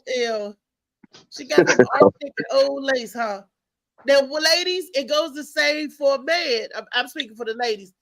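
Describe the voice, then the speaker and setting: A woman hosting a live talk show, chatting in a lively, slangy way and laughing often. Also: high voice, dry recording, poor audio. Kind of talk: casual live show chat.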